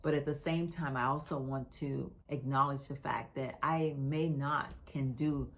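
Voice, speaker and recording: A woman's voice: extremely low pitch, fairly even intonation, measured pace. A middle-aged woman with a slight lisp, talking candidly and unhurriedly to her vlog viewers. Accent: Texan. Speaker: vlogger. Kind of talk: casual talk to camera.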